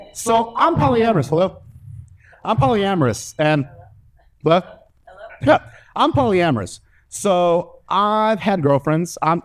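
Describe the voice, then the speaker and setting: A young man from Mexico performs stand-up, telling lively stories from a stage. His voice sits fairly high for a man. He leaps up in pitch whenever he acts out the people in his tales. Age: young adult. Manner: animated storytelling, acting out others' voices with big pitch jumps. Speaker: stand-up comedian. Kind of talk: stand-up comedy set. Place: comedy stage before a live audience.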